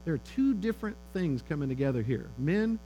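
A middle-aged man speaking to an audience of parents, animated and talkative, acting out the people in his anecdotes. His voice sits a little high for a man. A faint electrical hum runs under the recording. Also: fairly quick, poor audio. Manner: conversational, animated storytelling with quoted dialogue. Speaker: speaker on fatherhood. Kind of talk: sermon-style talk to parents.

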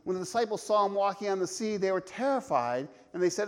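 A man's voice: high-pitched, fast, hardly any pauses. A man preaching a sermon, emphatic, asking rhetorical questions and restarting his phrases often. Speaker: pastor.

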